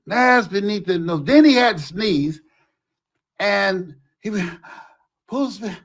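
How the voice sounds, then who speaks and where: Animated, high-voiced motivational speaker man. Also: takes it slowly. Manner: animated storytelling, shouting for emphasis. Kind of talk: motivational talk with anecdotes.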